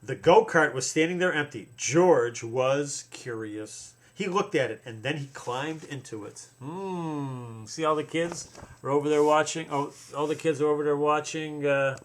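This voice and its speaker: A man reading a picture book aloud to his children, playful and drawn-out, stopping often to point things out and comment. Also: fairly high pitch.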